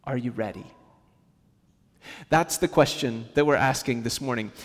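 A man preaching a sermon to his congregation in a conversational, animated way, acting out little quotes as he goes. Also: medium pitch, measured pace. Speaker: pastor. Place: church sanctuary. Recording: church hall with long reverb.

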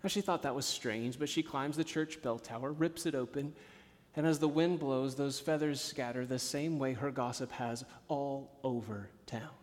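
Pastor preaching in a reverberant hall. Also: male voice, mid-range voice, normal speed. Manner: storytelling, swings from hushed to emphatic. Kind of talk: sermon.

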